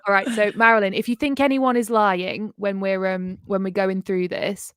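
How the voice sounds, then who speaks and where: A woman's voice: medium pitch, fairly even intonation, moderate pace, fairly bright tone, clear, resonant tone, no room sound, studio quality. A woman hosting a casual reaction livestream, chatty and upbeat with frequent ums and laughs. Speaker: livestream host.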